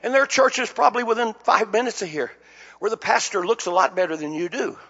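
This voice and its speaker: An older man preaching a sermon as pastor, telling stories and building to shouted climaxes. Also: sits high, fast talker, husky. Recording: dull lo-fi sound.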